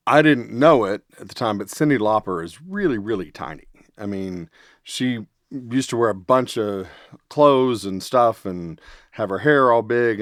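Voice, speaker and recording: A man hosting a podcast, telling a casual anecdote in a rambling, animated way with many fillers. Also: fairly low pitch, no echo, clean studio sound. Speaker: podcast host. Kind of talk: casual storytelling.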